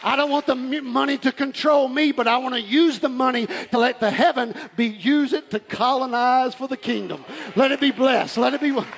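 A man preaching a fervent sermon. He often shouts and laughs as he preaches. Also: very high voice, normal speed, vocal fry, hardly any pauses. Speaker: pastor. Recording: live church hall with reverb and faint crowd.

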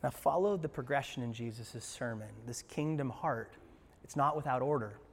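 A man pastor preaching a sermon in a church, moving between hushed passages and emphatic ones, with playful asides to the congregation. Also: mid-range voice, moderate pace, slightly rough, big-room sound. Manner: passionate, swings from hushed to emphatic. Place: church sanctuary.

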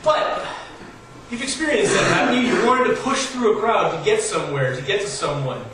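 A fairly high-voiced man delivers a casual, story-driven sermon, his emphasis climbing as he builds each point. His voice reaches the mic from a distance and rings through a heavily echoing hall. A faint hiss sits under everything. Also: lively intonation, moderate pace. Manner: storytelling, conversational with rising emphasis. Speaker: pastor. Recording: very echoey hall, voice from far off, faint noise.

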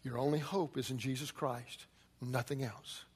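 A man preaching a sermon as pastor, emphatic, swinging from loud urgency to quiet intensity. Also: medium pitch, fairly even intonation, normal speed, slightly rough, big-room sound.

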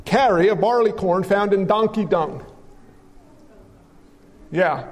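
Man, pastor, high voice, lively sermon delivery, rhetorical questions, long hall reverb. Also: slow pace. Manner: animated preaching with rhetorical questions and stories.

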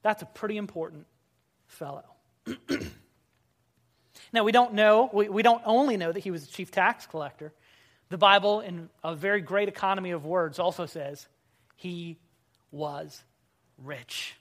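A pastor preaching a Sunday morning sermon. The pastor repeats key phrases for weight and slows down, letting phrase endings drop quiet. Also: mid-range voice. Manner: emphatic, slowing and dropping quiet at phrase ends.

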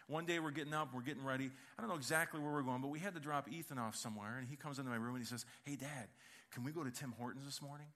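A middle-aged man preaching a sermon, telling funny family stories in an animated, joking way. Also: medium pitch. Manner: animated storytelling with humor. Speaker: pastor.

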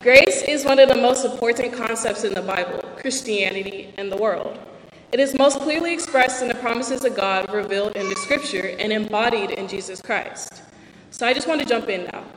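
A young woman reads out an earnest, candid personal testimony and pokes fun at herself along the way. Her voice sits a little high. It carries through a large hall with a long, echoing reverb. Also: normal speed, a bit bright, slight background noise. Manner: earnest, candid, self-deprecating. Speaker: speaker giving a personal testimony. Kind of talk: read-aloud personal talk on faith.

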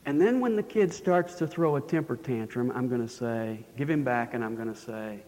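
A man's voice: mid-range voice, moderate pace, mellow, long reverb tail. A man preaching a sermon in a storytelling manner, his voice rising and falling for emphasis. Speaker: pastor.

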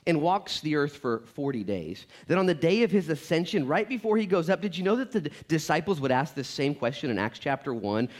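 In a medium-pitched voice, a man in his thirties gives a chatty sermon as a pastor, lively and humorous, weaving in stories and frequently repeating his words.

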